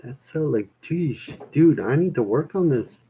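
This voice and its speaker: A man's voice: fairly high pitch, lively intonation, measured pace, mellow, a little hiss or hum, rough recording. A young man rambling in a casual chat with his viewers, self-mocking and full of "man" and "dude".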